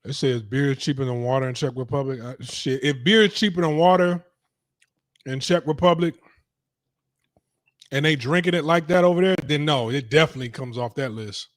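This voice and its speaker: Hosting a streaming talk show, a young man reacts casually to content, dismissive, blunt and full of profanity. His mid-range voice moves briskly, and the clean studio sound has no room sound.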